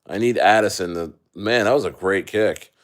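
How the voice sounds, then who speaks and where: Low-voiced man rambling on a livestream. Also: normal speed. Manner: rambling, joking, profane, laughs often. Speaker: crypto livestreamer. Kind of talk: casual livestream chat.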